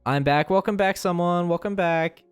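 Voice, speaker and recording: A man's voice: high-pitched, moderate pace, clear, resonant tone, no room sound, faint music behind. A young man streamer in casual chat, rambling and joking, often stumbling and repeating words.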